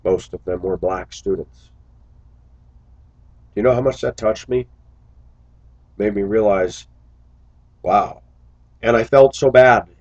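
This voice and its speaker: A man's voice: lowish voice, takes it slowly, long pauses, darkish tone, dry recording, muffled recording. A man who drives a school bus, talking earnestly to his viewers in a casual, reflective monologue full of little stories.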